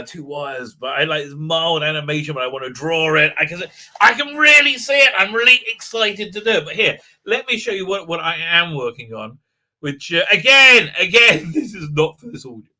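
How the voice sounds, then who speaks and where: A man's voice: fairly high pitch, lively intonation, normal speed, sharp tone. A middle-aged man chatting on a live stream, telling a story with many fillers and repeats. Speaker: livestream host. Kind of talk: rambling live-stream chat.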